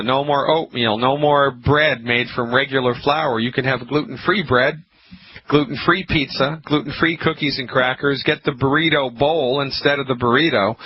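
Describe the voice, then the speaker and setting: A man hosting a call-in health radio show, lecturing emphatically and repeating his points, with a frog in his throat that makes him keep clearing it. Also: mid-range voice. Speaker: radio talk show host. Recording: muffled radio broadcast with faint hiss.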